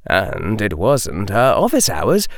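Expressive male audiobook narrator. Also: fairly low pitch, no echo. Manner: expressive, slows for dramatic stresses. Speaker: audiobook reader. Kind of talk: storybook narration.

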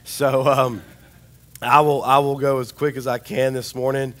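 A man preaching a sermon, with a chatty, rambling storytelling manner and a slightly hoarse voice. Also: medium pitch, level tone, a little slow, a bit bright. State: hoarse, recovering voice.

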